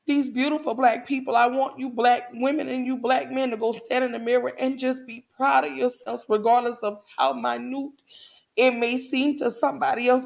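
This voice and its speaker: A young adult woman speaks straight to her livestream viewers in a fairly high, gravelly voice. She is passionate and close to tears, and she preaches a little as she repeats lines for emphasis. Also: fairly even intonation, moderate pace, darkish tone. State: tearful, emotional. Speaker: podcast host. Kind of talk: emotional livestream talk to viewers. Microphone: camera livestream.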